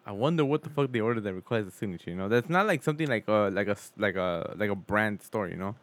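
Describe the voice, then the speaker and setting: A man in casual chat, often laughing and teasing his friend with quick interjections. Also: fairly low pitch, lively intonation, dry recording.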